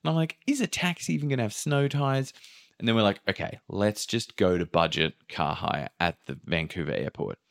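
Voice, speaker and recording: Low male storyteller, casual podcast chat, lively quoted voices. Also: fairly quick, gravelly. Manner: animated, acts out quotes, swears casually. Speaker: podcast host telling a travel story.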